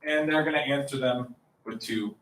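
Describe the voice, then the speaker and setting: A bright, high-voiced man emcees an improv show with lively, swooping intonation. He sounds upbeat and chatty and laughs easily. The mic sits some way off in a roomy space with faint noise. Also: moderate pace, distant mic. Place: small coffee shop stage.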